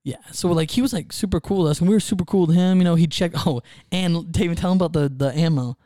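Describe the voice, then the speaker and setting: A man in his 20s co-hosts a casual podcast, speaking fast in a fairly high voice on a dry, studio-quality recording. He's an animated storyteller who acts out what other people said as he tells his story.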